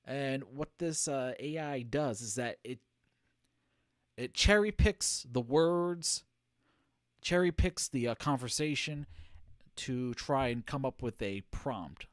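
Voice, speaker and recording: A male streamer commenting live on a game, rambling and joking as he goes. His pitch jumps around in a lively way. The sound is dry and close to the mic. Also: takes it slowly, no echo.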